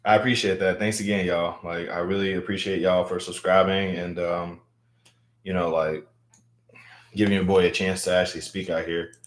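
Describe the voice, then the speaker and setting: Guy from louisiana chatting live, low voice, roomy echo, gets loud and excited. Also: normal speed. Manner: animated, repeats words, hypes up viewers. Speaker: livestream host. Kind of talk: casual livestream chat reading viewer comments.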